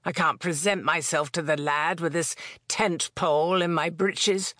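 A rough, bleary medieval knight growls his lines low and half under his breath, as an audiobook narrator puts him on. The sound is dry and close, with no room around it. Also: steady tone, measured pace, bright, forceful tone, no echo. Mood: gruff. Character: hungover gruff medieval knight, man.

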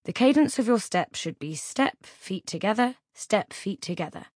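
A woman voicing a nervous, fussy male reverend who talks in a hurried, eager-to-please way. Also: medium pitch, expressive, a little mellow, no echo, studio quality, natural voice. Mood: instructive. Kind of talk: audiobook character voice.

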